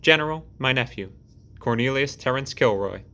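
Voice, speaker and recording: A man voicing a boisterous middle-aged construction boss who talks loudly and heartily, in an audiobook reading. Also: medium pitch, animated, normal speed, background noise, voice pushed up, close to an everyday voice. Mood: jovial. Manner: loud, roaring and jovial.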